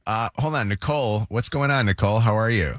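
A man's voice: on the low side, fairly quick, a little hiss or hum. A man hosting a call-in radio show, chatting casually and laughing easily with callers.

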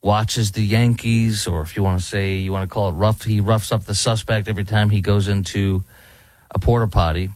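A man's voice: fairly low pitch, fairly even intonation, moderate pace, a little mellow, dry recording. A man, hosting talk radio and giving indignant, rambling commentary. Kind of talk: opinionated commentary. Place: studio in Dallas.

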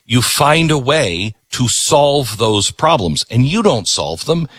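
A man's voice: mid-range voice, big pitch swings, slow pace, a bit bright, husky, dry recording, studio quality. A middle-aged man hosting a talk show, delivering an emphatic political monologue and repeating words for stress.

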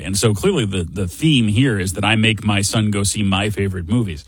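Wry middle-aged man, husky voice. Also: fairly low pitch, a little fast, few pauses, dry recording. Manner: chatty, wry and self-deprecating. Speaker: radio show host. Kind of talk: casual storytelling chat.

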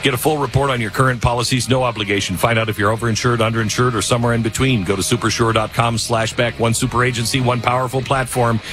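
A middle-aged man hosting a talk radio show, rambling and self-mocking, with sudden shouted outbursts. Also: mid-range voice, steady tone, quick pace, few pauses, soft background music. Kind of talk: talk radio monologue and host-read ads.

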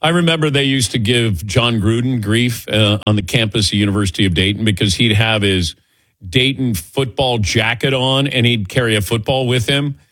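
A man's voice: mid-range voice, moderate pace, fairly bright tone, no room sound. A male sports talk host with a dry, close sound and a mid-range voice. He rambles casually, restarting sentences as he works toward a point.

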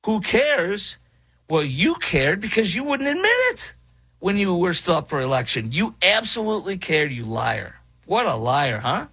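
A man's voice: fairly high pitch, very animated, normal speed, sharp tone, slightly rough, no echo, poor audio. A middle-aged man doing an opinionated political commentary, indignantly mocking the quotes he reads aloud and rebutting them.

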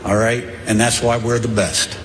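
Blunt coach in an echoey hall. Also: male voice, mid-range voice, flat delivery, a bit bright. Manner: blunt, boastful, halting with fillers. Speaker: college football head coach. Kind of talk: press event remarks. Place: media day event room. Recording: echoey hall, faint room noise.

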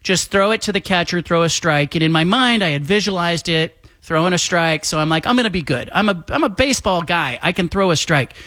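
A man telling a lively anecdote on a talk show, acting out the voices of the people in it. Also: high voice, a little fast, few pauses, dry recording, clean studio sound. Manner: animated, acts out quoted voices. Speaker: guest. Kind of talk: casual storytelling.

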